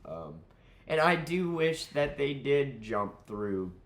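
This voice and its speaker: A man's voice: mid-range voice, sing-song, slow. A man hosting his own channel, talking through a casual film review in a nasal, stuffy-nosed voice while under the weather, rambling candidly with lots of fillers and restarts.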